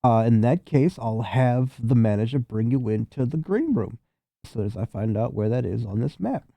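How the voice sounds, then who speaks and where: A man's voice: mid-range voice, expressive, normal speed, creaky, mellow, no echo. A man voicing a flustered, eager peasant woman who works at a front desk. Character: flustered female peasant receptionist.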